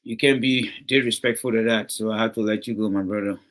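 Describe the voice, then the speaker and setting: A man's voice: fairly low pitch, steady tone, a little fast, fairly bright tone. A middle-aged Liberian man with a Liberian English accent hosts a livestream, reads viewer comments and scolds a commenter over and over with emphasis. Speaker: livestream host reading comments. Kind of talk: casual livestream talk.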